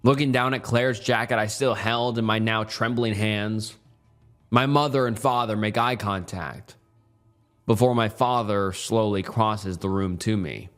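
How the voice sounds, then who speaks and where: A man narrating a horror story in the first person with measured, somber delivery. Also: lowish voice, soft background music.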